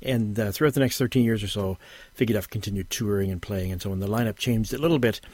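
A man presenting a folk music radio show in a rambling, relaxed way, with many fillers and self-corrections. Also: fairly low pitch, fast, no room sound. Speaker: radio host.

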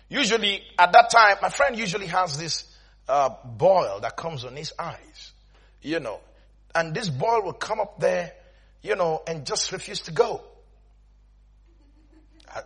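A man preaching a sermon, telling a story with frequent laughter and emphatic shouts, repeating phrases for emphasis. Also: high-pitched, slightly rough. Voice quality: laughs often while preaching, breaks into shouts.

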